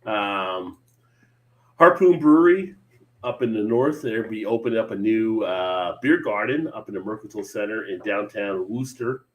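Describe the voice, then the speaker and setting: A man's voice: fairly low pitch, moderate pace, poor audio. A man from New Jersey hosting a casual beer live stream, joking around and reading out beer news. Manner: laid-back, joking, reads beer news aloud. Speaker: beer show host.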